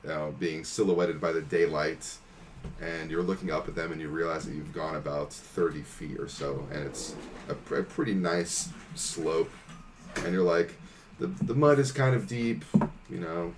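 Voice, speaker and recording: A man narrating a tabletop game as game master, relaxed and hesitant with fillers. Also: deep voice, moderate pace. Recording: noisy home recording.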